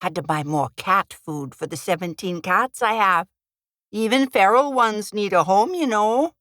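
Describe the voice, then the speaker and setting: A woman's voice: mid-range voice, a little slow, fairly bright tone, no room sound, clean studio sound, natural voice. A woman voicing a heroine who puts on a folksy Minnesota accent and plays a chatty, innocent cat lady. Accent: put-on Minnesota. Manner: chirpy, folksy, playing innocent.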